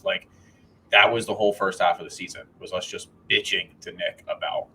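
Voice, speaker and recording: Deep-ish guy ranting about football on a podcast, lots of restarts and swearing, faint noise behind. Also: fairly even intonation, fairly quick, pushed and bright, poor audio. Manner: rambling, restarts, laughs, swears, mocks with quoted voices. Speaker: podcast co-host. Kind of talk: casual sports chat.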